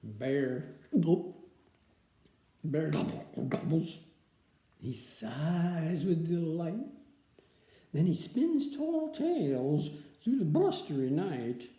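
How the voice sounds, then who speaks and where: A woman reading a picture book aloud in an expressive, sing-song way. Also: deep voice, drawn-out words, long pauses. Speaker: storyteller. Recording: echoey room.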